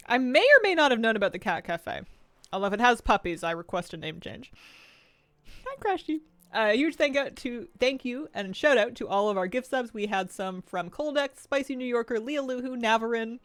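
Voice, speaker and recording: A woman's voice: a little high, fairly bright tone, no echo. A woman from the United States streaming from home, chatting casually and thinking aloud while she eats and plays a game. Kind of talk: casual live-stream gaming chat.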